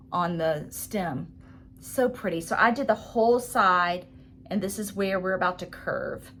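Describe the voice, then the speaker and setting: A woman's voice: mid-range voice, a bit bright, slight background noise. A woman hosting her own craft vlog, chatting casually and gushing as she shows her work, with frequent ums. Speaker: vlog host. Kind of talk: casual show-and-tell chat.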